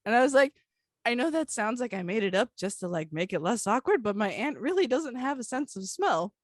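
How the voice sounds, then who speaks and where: Animated young woman telling a story. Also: a little high, fairly quick, no room sound, clean studio sound. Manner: animated, acts out dialogue, laughs often. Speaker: podcast co-host. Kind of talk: casual storytelling chat.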